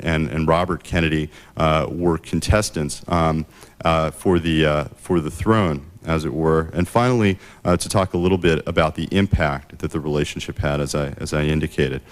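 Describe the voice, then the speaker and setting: Male speaker, very deep voice, measured lecture delivery with frequent fillers. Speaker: author giving a book talk. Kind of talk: prepared lecture.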